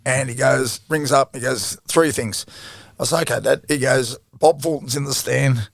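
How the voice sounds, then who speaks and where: A man's voice: mid-range voice, normal speed, vocal fry. A middle-aged Australian man telling stories in a casual interview, swearing freely and laughing as he goes. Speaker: guest, former rugby league player.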